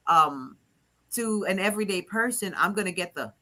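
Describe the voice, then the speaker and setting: A woman from Rico, a teacher chatting as a guest, animated and laughing often as she acts out quotes. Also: mid-range voice, normal speed. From Puerto Rico. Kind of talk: casual chat.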